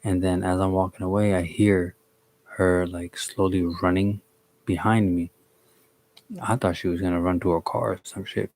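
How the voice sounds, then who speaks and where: A young man with a deep voice tells a personal story to his live stream chat. He speaks in an even, flat tone, stalling and restarting often. His wording is blunt, with casual swearing. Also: no room sound. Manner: halting, with many restarts and fillers.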